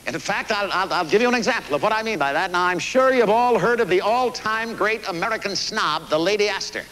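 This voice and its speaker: Guy doing a feisty old president with a missouri accent, fast talker, folksy and salty, on stage. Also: high-pitched, expressive, sharp tone, slight background noise, low-quality recording. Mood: reflective. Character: blunt, feisty older American president, plainspoken. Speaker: stage actor. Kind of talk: live one-man stage performance. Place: theater stage.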